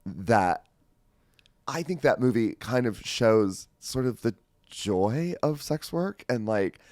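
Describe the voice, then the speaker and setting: A man's voice: mid-range voice, expressive, slow pace, a little mellow, no room sound, clean studio sound. Rambling, enthusiastic male podcast guest. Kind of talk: casual chat.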